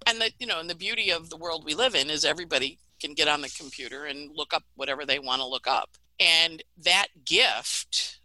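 Bright, chatty woman astrologer. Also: deep voice, brisk, few pauses, dry recording, rough recording. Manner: animated, chatty, laughs at own stories. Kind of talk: casual astrology forecast chat.

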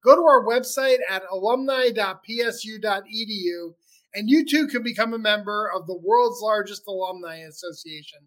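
A man's voice: high voice, normal speed, fairly bright tone, poor audio. A man hosting a podcast, asking interview questions and delivering an enthusiastic sign-off. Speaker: podcast host.

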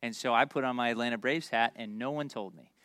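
A pastor from Memphis preaching a conversational sermon, joking and talking straight to the congregation. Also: male voice, medium pitch, fast talker, fairly bright tone, no echo, studio quality. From Memphis, United States. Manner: conversational and joking, with asides to the crowd.

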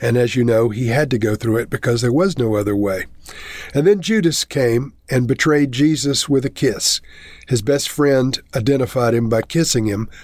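A man's voice: medium pitch, normal speed, a little mellow, no echo. A man reading a Bible chapter aloud and then explaining it in a plain teaching manner.

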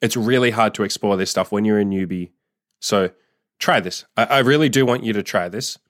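A man's voice: on the low side, brisk, no room sound, studio quality. A man coaching listeners in a blunt, profane, laid-back advice monologue. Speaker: dating and sex coach.

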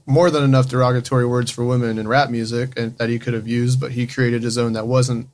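A man hosting a podcast in a studio, chatting in a measured way and steering the talk. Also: medium pitch, level tone, darkish tone. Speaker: podcast host. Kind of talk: casual chat.

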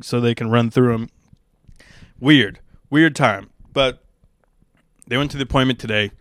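A man's voice: mid-range voice, fairly even intonation, normal speed, long pauses, a bit bright, clear, resonant tone, dry recording, studio quality. A young man, a stand-up comedian, talking in a casual, rambling monologue with a crude, profane and wry manner.

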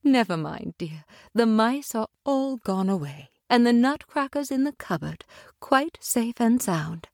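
A woman's voice: fairly high pitch, expressive, unhurried, gravelly, no room sound, clean studio sound, voice pushed up. A woman doing a soothing worried mother.

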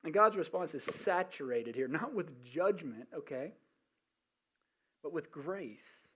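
Male pastor with a high voice, animated sermon storyteller. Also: takes it slowly, breathy edge. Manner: animated storytelling with frequent restarts and asides.

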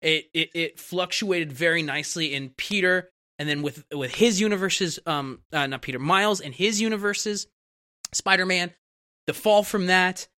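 A man's voice: sits high, moderate pace, sharp tone. A man chatting casually about a movie, acting out scenes with funny voices.

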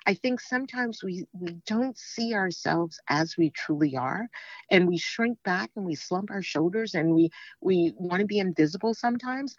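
Lively woman telling stories, dull dry sound. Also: normal speed, no echo. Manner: lively storyteller, swings high for quoted speech. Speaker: guest. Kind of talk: storytelling in a podcast interview.

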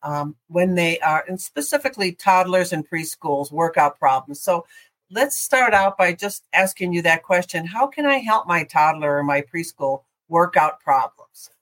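An interviewer asks questions in a plain, steady voice with a mid-range pitch. The delivery is even and to the point. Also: normal speed.

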